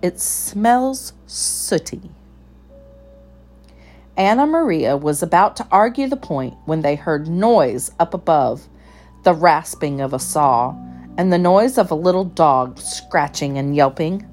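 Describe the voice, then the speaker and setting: A woman narrates a children's storybook slowly, her pitch rising and falling freely. Faint music plays softly behind her. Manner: measured, expressive reading. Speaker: storybook reader.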